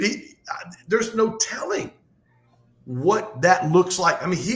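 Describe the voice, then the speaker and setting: A man speaking as a guest in a casual podcast conversation, talking in an animated, fast, motivational way. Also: fairly high pitch. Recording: echoey room.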